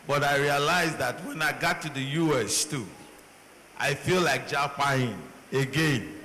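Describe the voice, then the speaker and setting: Nigerian guy on a panel, bright voice, big echoey hall. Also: fairly high pitch, unhurried, a little hiss or hum. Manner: animated storytelling, acts out exchanges. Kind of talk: panel talk. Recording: long hall reverb, faint ambience.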